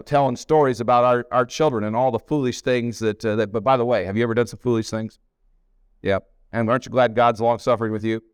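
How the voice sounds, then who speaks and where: A man's voice: medium pitch, clear, resonant tone, no room sound, studio quality. A middle-aged man preaching a sermon, telling family stories in a folksy way and repeating himself for emphasis. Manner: folksy storytelling with emphatic repetition. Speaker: pastor. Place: camp meeting hall.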